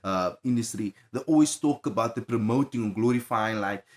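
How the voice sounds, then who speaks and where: A man's voice: lowish voice, brisk. A man, a music producer guest, speaking earnestly and reflectively, with hesitations. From South Africa. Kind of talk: casual interview.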